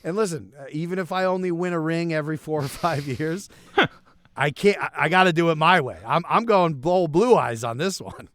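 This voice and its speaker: A man co-hosting a casual sports podcast, talking in a lively, self-mocking way with laughs, swearing and restarts. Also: a little high, brisk, no room sound. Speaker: podcast co-host. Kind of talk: casual chat.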